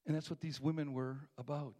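A middle-aged man preaching a sermon, telling a story with animated acted voices and hushed moments. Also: on the high side, a little fast. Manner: animated storytelling, acting out voices, dropping to near whispers. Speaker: pastor.

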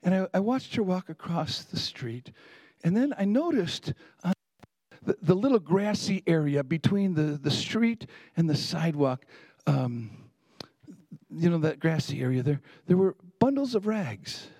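A man's voice: on the high side, lively intonation, a little slow, darkish tone, no room sound. A male pastor preaching a sermon in a conversational storytelling way, building up to emphatic peaks.

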